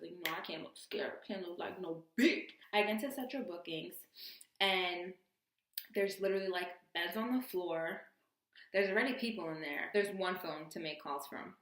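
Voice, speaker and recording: A young adult woman telling a storytime vlog with expressive, animated delivery and acted-out quotes. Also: fairly low pitch, reverberant. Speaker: vlogger.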